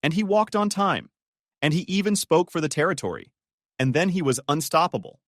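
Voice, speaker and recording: A man's voice: fairly high pitch, big pitch swings, fairly quick, no echo, clean studio sound. A man narrating a scripted drama story in a dramatic storytelling manner.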